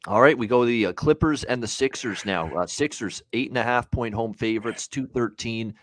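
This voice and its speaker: A man's voice: mid-range voice, brisk. A man hosting a sports betting show in casual talk, blunt and full of "uh" fillers as he rattles off scores and lines.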